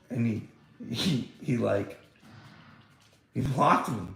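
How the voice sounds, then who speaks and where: A man's voice: medium pitch, animated, extremely slow, creaky, long pauses, a bit bright. A man in a casual, rambling monologue, swearing often and stumbling over his words. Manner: rambling, profane, frequent restarts; laughs between remarks. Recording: echoey room.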